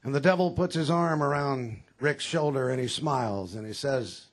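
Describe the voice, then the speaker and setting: A man giving a rally speech for governor, telling jokes in a dry, halting way with many fillers. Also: medium pitch. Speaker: candidate for governor speaking at a rally. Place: campaign rally before a crowd.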